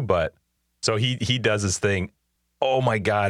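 A man's voice: fairly low pitch, unhurried, pauses often, no room sound, studio quality. A man co-hosting a casual chat, telling candid, joking stories. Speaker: podcast co-host.

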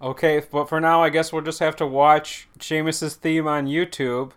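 A man's voice: fairly high pitch, flat delivery, moderate pace, fairly bright tone, smooth. A man co-hosting a podcast, telling rambling, jokey stories in casual chat. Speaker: podcast co-host.

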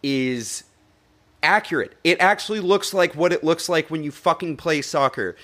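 Animated, swearing man in casual chat. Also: fairly high pitch, moderate pace. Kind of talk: casual film review chat.

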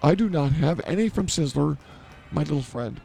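A man's voice: on the high side, lively intonation, moderate pace, vocal fry, dark tone, soft background music. A man hosting a comedy podcast who blurts things out and mocks himself in improvised banter. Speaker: podcast host.

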